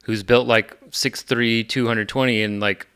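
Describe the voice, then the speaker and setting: A man with an average-pitched voice co-hosting a casual podcast. He chimes in with quick reactions and short opinions. His tone is relaxed and conversational. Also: clear, resonant tone. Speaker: podcast co-host. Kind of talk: casual chat.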